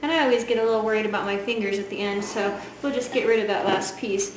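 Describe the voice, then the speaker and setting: A woman's voice: medium pitch, quick pace. A woman giving a chatty, enthusiastic cooking demonstration in a home kitchen. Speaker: home cook. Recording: echoey kitchen, voice from far off, loud frying noise.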